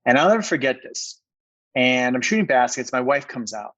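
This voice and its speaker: A man's voice: medium pitch, big pitch swings, normal speed, fairly bright tone, low-quality recording. A middle-aged man from Minneapolis telling a personal story as a podcast guest, earnest and emphatic, often restarting his sentences. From Minneapolis, USA.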